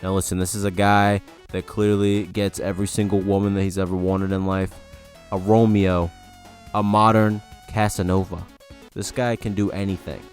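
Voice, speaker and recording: Low-voiced man, wry internet commentary. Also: flat delivery, moderate pace, soft background music. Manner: wry and exasperated, with mock warnings. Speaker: commentary video host. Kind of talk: casual commentary reading posts.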